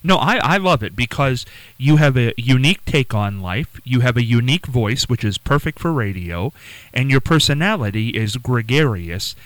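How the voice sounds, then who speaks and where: A man's voice: medium pitch, lively intonation, normal speed, fairly bright tone, dry recording, rough recording. A man hosting a radio chat, encouraging and affable with his guest. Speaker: radio host. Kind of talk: casual radio interview.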